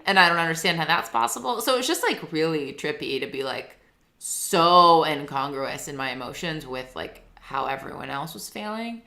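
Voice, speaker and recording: A woman in her thirties, a singer-songwriter and guest, talking in a casual, rambling, earnest way, full of "like" and quick laughs. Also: low voice, animated, sharp tone. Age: 30s. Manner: rambling, heavy use of "like", laughs often; earnest and emotional. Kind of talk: casual interview chat.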